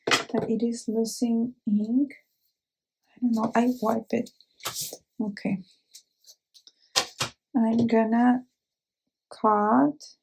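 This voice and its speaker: A woman hosting a craft tutorial, explaining each step slowly and carefully with small fillers, an English speaker. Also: fairly high pitch, gravelly, noisy background.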